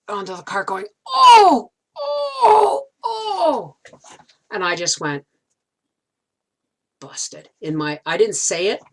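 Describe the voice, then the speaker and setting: A middle-aged woman with a slightly low voice chats to camera, spinning a long, rambling story. She restarts her sentences often, as if talking with friends at the kitchen table. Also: sharp tone. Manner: chatty, rambling, many restarts. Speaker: homesteading vlogger.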